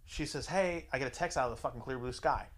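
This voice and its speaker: A man's voice: medium pitch, fast talker, background noise. A man telling a story in casual chat, swearing freely and talking with animation.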